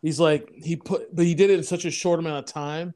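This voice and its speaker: Laughing, slightly high-voiced podcast man. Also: a little fast. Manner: laughs often, relaxed banter. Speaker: podcast co-host. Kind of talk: casual chat.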